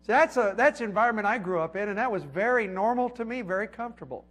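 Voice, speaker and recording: A high-pitched man delivers a folksy sermon. His voice ranges widely, rising to loud emphatic peaks and sinking to hushed asides. He sounds middle-aged and talks to the congregation like a friend. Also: expressive, fast talker. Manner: conversational preaching with emphatic swells and soft drops. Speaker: preacher.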